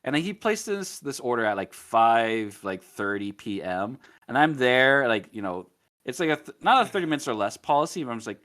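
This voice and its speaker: A man's voice: mid-range voice, very animated, moderate pace, fairly bright tone. A man in his twenties co-hosting a podcast, telling rambling work anecdotes in casual chat. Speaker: podcast co-host.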